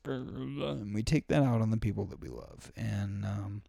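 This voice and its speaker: A man's voice: on the low side, measured pace, gravelly, dark tone, dry recording, studio quality. A young man hosting a podcast, talking in a rambling, profane and heartfelt solo rant full of fillers. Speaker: podcast host. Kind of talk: candid solo podcast monologue.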